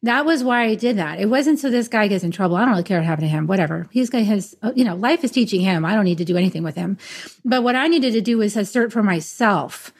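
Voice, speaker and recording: A podcast host in her fifties speaks with a medium-pitched, expressive voice at a quick pace, with a breathy edge. In the casual conversation she comes across as earnest and emphatic, speaking up for herself.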